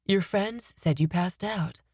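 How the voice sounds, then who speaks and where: A woman voicing a worried, scolding middle-aged mother in an audiobook, in a measured way. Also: fairly low pitch, a little mellow, breathy edge, no room sound, studio quality, exaggerated voice.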